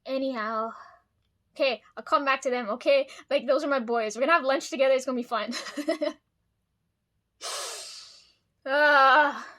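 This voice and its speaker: Brief: woman with a high voice, casual vlogger, rambly and foul-mouthed, laughs a lot. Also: fairly quick. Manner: rambling, swears freely, laughs often. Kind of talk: casual chat to camera.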